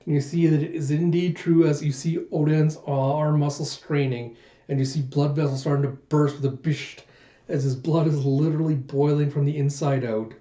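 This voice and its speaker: Mellow-voiced man recapping a manga. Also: on the high side, steady tone, normal speed. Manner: loose, rambling retelling with fillers. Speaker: manga reaction host. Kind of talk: casual recap narration. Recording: muffled echoey room recording.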